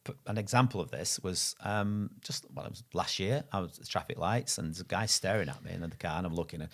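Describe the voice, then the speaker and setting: Middle-aged male guest, low and rapid, rambling storyteller who keeps restarting his sentences. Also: a bit bright. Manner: chatty, rambling, with self-corrections. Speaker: guest, Thai boxing instructor. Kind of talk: casual storytelling in conversation.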